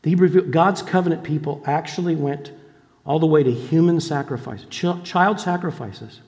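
A man's voice: on the high side, a little mellow. A man preaching a sermon as a pastor, telling stories earnestly and acting out quoted voices with repeated words. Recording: long hall reverb.

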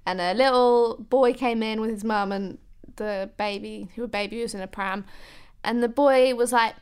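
A woman's voice: on the high side, normal speed, smooth. A woman on a podcast panel telling anecdotes in a bubbly, giggly way. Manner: bubbly and giggly, animated when telling stories. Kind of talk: casual chat.

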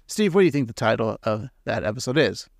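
A man's voice: medium pitch, animated, quick pace, creaky, dry recording, studio quality. A man co-hosting a casual podcast, rambling and joking, laughing often. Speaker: podcast co-host.

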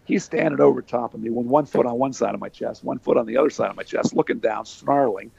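An older Pennsylvania man, a former wrestler appearing as an interview guest, spins folksy stories in casual conversation, padding them with plenty of fillers. His mid-pitched voice moves quickly and sounds gravelly, a touch mellow and slightly rough. The recording is dry with no echo and has a dull quality.

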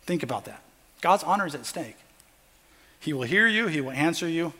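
High-voiced man preaching in a reverberant hall. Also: animated, normal speed, sharp tone. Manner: conversational, acting out the parable's characters in quotes. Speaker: pastor. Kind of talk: sermon.

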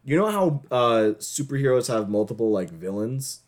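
A man co-hosting a casual podcast over a voice call, joking and self-deprecating with deadpan bits. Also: mid-range voice, normal speed. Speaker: podcast co-host. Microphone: voice call mic.

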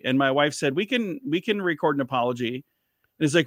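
Male comic guest, slightly high voice, rambling storyteller, dry mic. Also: a bit bright, no room sound. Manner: rambling anecdotal, quick to restart sentences. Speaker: comedian and radio host. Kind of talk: casual storytelling.

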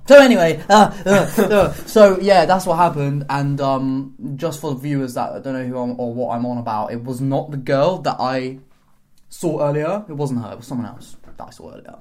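Man, podcast co-host, casual chat, rambling storyteller. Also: medium pitch. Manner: rambling, animated storytelling with quick asides.

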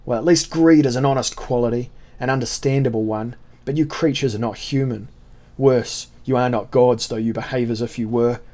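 A man puts on a barbarian ship captain for a storybook reading, loud and defiant, his voice pushed a little above the reader's own. The captain is scared but fierce, hurling accusations at his enemy. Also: medium pitch, fairly even intonation, normal speed, close to an everyday voice. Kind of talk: audiobook character voice.

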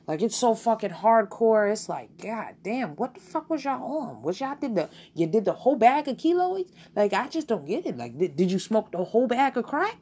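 A woman hosting her own podcast, delivering a blunt, profane, animated solo rant. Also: mid-range voice, slightly rough. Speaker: podcast host.

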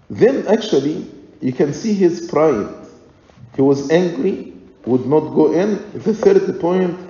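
A man preaching a sermon in slow, deliberate, emphatic points. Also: a little high, dark tone. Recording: echoey church hall, dull lo-fi sound.

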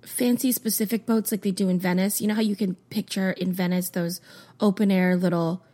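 A woman co-hosting a podcast, chatting casually and reacting with quick questions and giggly asides. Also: medium pitch, steady tone, warm tone. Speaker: podcast co-host. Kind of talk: casual chat.

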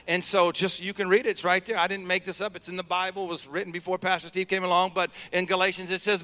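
High, bright-voiced preacher in a reverberant hall. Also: male voice, clean tone. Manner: energetic, call-and-response with the congregation. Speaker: pastor. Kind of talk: sermon. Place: church sanctuary.

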